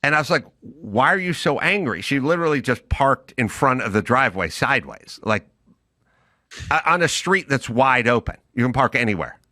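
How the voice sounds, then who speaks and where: A man's voice: mid-range voice, very animated, a little fast, sharp tone, no room sound, clean studio sound. A middle-aged man co-hosting a podcast, telling stories in an emphatic, ranting way. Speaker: podcast co-host. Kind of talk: casual chat.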